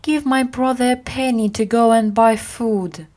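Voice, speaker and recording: A woman voicing a sly, scheming beggar boy in a storybook reading, slow and taunting. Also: a little high, fairly even intonation, darkish tone, voice pushed up, close to an everyday voice.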